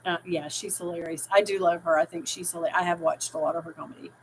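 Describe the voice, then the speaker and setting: A woman's voice: on the low side, fairly even intonation, fast, a little hiss or hum, poor audio. A middle-aged woman hosting a casual live stream, rambling and reading out viewers' chat comments with easy laughter. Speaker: livestream host.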